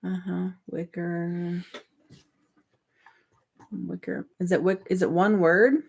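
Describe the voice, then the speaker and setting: A woman's voice: on the low side, fairly even intonation, takes it slowly, creaky. A woman co-hosting a casual radio show, playful and giggly, teasing her co-host and the listeners. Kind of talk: casual chat.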